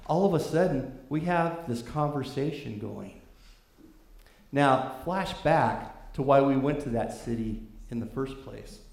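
A man's voice: medium pitch, expressive, a little slow, gravelly, darkish tone, roomy sound. A man from California preaching a sermon and telling a story in a loose, conversational way, with frequent fillers.

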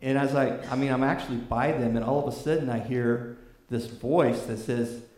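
A man's voice: mid-range voice, steady tone, moderate pace, a little mellow, echoey room. A man from California preaching a sermon and telling a story in a loose, conversational way, with frequent fillers.

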